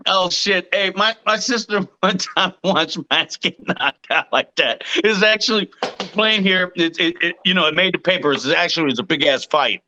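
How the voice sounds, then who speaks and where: A man in his thirties hosting a podcast, chatting casually and telling profane, animated stories. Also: high-pitched, normal speed, highs cut off. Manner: profane storyteller, animated retelling. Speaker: podcast host. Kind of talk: casual chat.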